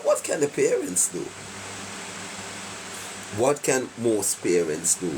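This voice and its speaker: A man holds forth on his live stream, unhurried and deliberate. His tone is preachy and emphatic, full of fillers and rhetorical checks with his audience. His pitch sits in an ordinary middle range, with a faint hum behind him. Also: low-quality recording. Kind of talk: casual opinionated live-stream talk.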